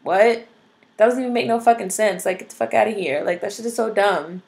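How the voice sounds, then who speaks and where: A woman's voice: medium pitch, fairly quick, vocal fry, a little mellow. A young adult woman vlogging, ranting bluntly and profanely, full of "like" and "you know". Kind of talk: casual ranting commentary to camera.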